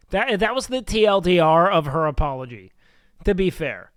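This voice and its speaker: A young man streaming, reacting in a loose, profane, excitable way. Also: high-pitched, normal speed, smooth, no echo, clean studio sound. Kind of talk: casual live-stream reaction.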